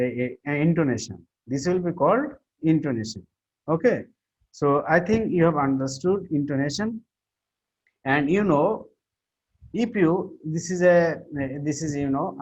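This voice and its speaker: A man's voice: medium pitch, a little mellow, husky. A man teaching a class on word stress and intonation, often repeating himself and restarting his sentences. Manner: halting, repeats himself, many fillers and restarts. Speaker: English teacher. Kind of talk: classroom lecture on pronunciation. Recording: muffled lo-fi recording.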